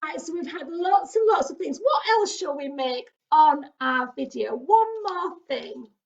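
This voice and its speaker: A woman's voice: high-pitched, moderate pace, vocal fry. A woman with a British accent leading a children's craft session, chatty and full of little exclamations as she talks straight to small children. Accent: British English. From England. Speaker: children's activity presenter. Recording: dull lo-fi recording.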